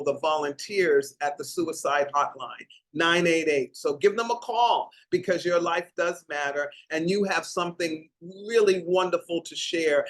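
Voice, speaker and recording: A woman's voice: lowish voice, poor audio. An older woman hosting a heartfelt talk show, speaking in an emotional way and stretching out her words. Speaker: host.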